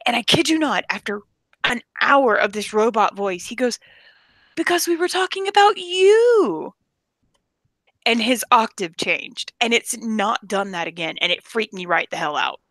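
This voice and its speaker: A woman co-hosting a casual chat, telling animated, playful stories. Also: medium pitch, moderate pace, no echo. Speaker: co-host.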